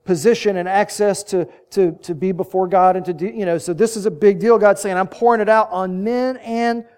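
A man's voice: sits high, steady tone, fairly quick, darkish tone, clear, resonant tone. A man preaching a sermon, telling the story vividly and building to emphatic peaks.

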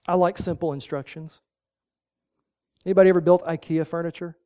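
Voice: medium pitch, fairly even intonation, brisk, mellow. A pastor preaching a sermon, folksy and emphatic, driving points home with short repeated commands.

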